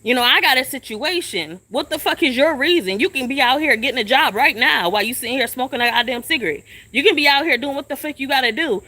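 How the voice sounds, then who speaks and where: Young woman, high bright voice, angry profane rant, phone live stream outdoors. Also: lively intonation, fast talker, few pauses. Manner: confrontational, profane, repetitive questioning. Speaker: livestreamer. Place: outdoors at a shelter.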